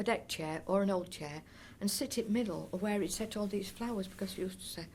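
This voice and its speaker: Slightly fast and a little mellow, this mid-range voice comes with a touch of hiss or hum. The older woman speaking, from North East Derbyshire in England, is being interviewed for oral history and rambles chattily through her memories, with frequent restarts and fond asides.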